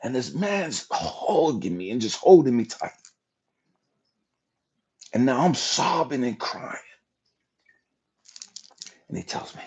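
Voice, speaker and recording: A man's voice: mid-range voice, sing-song, slow pace, pauses often, darkish tone, husky, dull audio. A man hosting a livestream, telling an emotional personal testimony in a raw, profane storytelling manner. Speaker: livestream host.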